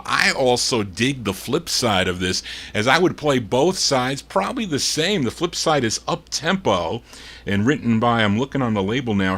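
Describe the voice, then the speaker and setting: A man's voice: mid-range voice, a bit bright. A man hosting an oldies record show, chatting casually about each record, reading label details aloud and stumbling now and then as he corrects himself. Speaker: radio show host. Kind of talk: casual record-spinning DJ patter.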